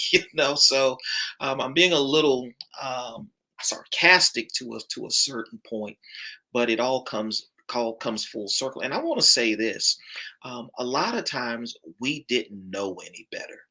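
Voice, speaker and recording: A man's voice: medium pitch, expressive, a little slow, bright, forceful tone, rough recording. A man, a pastor, speaking on a panel with an emphatic, preacher-like cadence. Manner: emphatic, rising preacher-like delivery.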